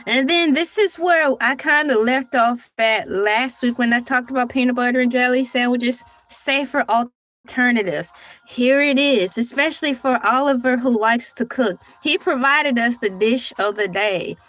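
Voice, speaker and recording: A woman's voice: on the high side, normal speed, fairly bright tone, dry recording, poor audio. A woman hosting a casual morning livestream, chatting to viewers, laughing often and reading search results aloud. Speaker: livestream host.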